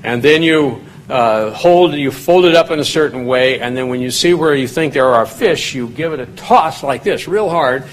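A man's voice: medium pitch, moderate pace, few pauses, slight background noise, low-quality recording. A man giving a conversational Bible study, explaining scripture in plain talk and lifting his voice when he reads quoted lines aloud. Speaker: Bible teacher.

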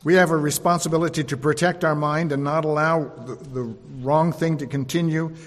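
A man's voice: on the high side, steady tone, normal speed. Man preaching in a reverberant hall. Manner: repeats lines for emphasis, dropping to soft tones. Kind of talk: sermon.

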